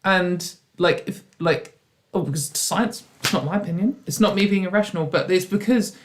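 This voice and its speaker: A woman's voice: fairly low pitch, normal speed, background noise. A woman hosting a casual livestream chat over a video call, rambling with many restarts and slipping into ironic quoted voices. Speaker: host.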